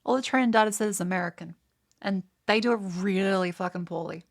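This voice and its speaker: A woman's voice: mid-range voice, a little fast. A woman with an Australian accent, chatting casually on a livestream and swearing freely. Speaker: streamer.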